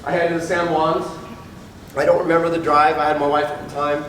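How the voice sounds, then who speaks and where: His voice is on the high side, a bit bright, with a flat, brisk delivery. The man, a police officer, candidly tells an audience his own story and acts out people he quotes; the mic is far away in an echoey hall, with faint ambience and slight background noise.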